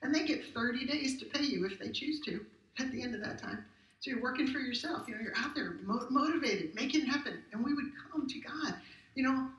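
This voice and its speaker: High-voiced woman pastor preaching in a roomy hall. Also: lively intonation, normal speed, a bit bright, highs cut off. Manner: conversational and emphatic, with rhetorical questions. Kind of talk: sermon. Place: church sanctuary. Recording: roomy hall captured from a distance.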